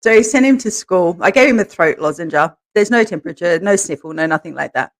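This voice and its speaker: A woman co-hosting a podcast, telling candid stories in a relaxed way and laughing as she goes. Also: fairly low pitch, brisk. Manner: laughs through her stories, animated quoting. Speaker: podcast co-host, interviewed as guest. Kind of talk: candid conversational storytelling.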